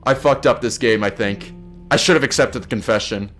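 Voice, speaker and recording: A man's voice: mid-range voice, a little fast, fairly bright tone. A man giving gameplay commentary, flustered and swearing a lot as he talks to his viewers. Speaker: let's play gamer. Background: game music.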